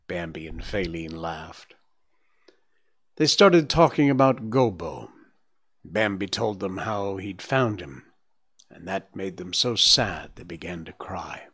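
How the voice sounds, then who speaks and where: A man hosting a live stream, reading a storybook aloud in a gentle, measured way. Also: deep voice, expressive, husky. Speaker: livestream host reading a book aloud.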